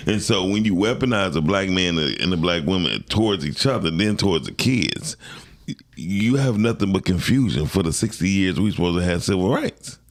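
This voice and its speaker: A man co-hosting a talk show, arguing his points emphatically in casual chat and swearing freely. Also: sits low. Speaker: co-host.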